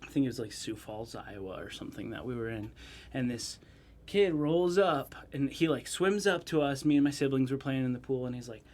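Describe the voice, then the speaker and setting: A young man co-hosting a casual podcast, an animated storyteller who laughs at his own stories. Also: mid-range voice, fairly quick. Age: young adult. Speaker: podcast co-host. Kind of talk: casual chat.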